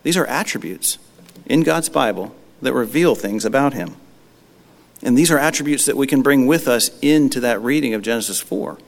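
A man delivers a sermon in a relaxed, conversational way. He talks the listeners through the passage with reflective rhetorical questions, and his voice echoes with the long reverb of a large hall. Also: medium pitch, normal speed, gravelly. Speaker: pastor. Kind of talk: sermon teaching.

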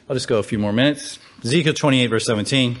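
A man's voice: mid-range voice, fast. A man teaching from the Bible in a conversational way, asking rhetorical questions and reading scripture aloud.

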